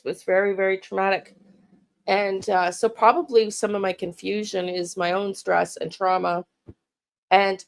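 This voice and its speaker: Frustrated, halting middle-aged woman venting. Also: on the low side, gravelly. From Canada. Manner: halting and emotional, frequent restarts and repeated words; blunt, frustrated, casual swearing. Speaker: true crime channel host. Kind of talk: personal vlog monologue.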